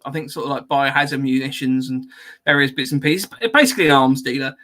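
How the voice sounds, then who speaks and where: A man's voice: mid-range voice, fast, fairly bright tone. A man hosting a podcast, telling a story in casual chat with many ums and laughing asides. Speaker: podcast host.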